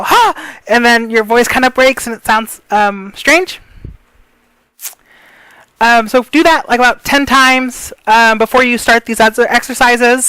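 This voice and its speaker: A woman's voice: a little high, fairly bright tone, smooth, no room sound, low-quality recording. Chatty woman voice teacher, dry close sound. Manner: rambling, many fillers, apologetic. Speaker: voice coach. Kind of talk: casual tutorial.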